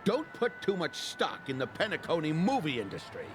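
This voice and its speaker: A man's voice: on the high side, big pitch swings, moderate pace, noisy background. An actor playing a grumpy old man in a game, grumbling and lecturing like a jaded critic. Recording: game audio over clear music.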